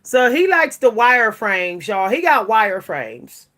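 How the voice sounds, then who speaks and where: A woman's voice: fairly high pitch, very animated, slow pace, fairly bright tone, slight background noise. An older woman chatting casually to camera as a vlogger and writer, laughing often and restarting her sentences.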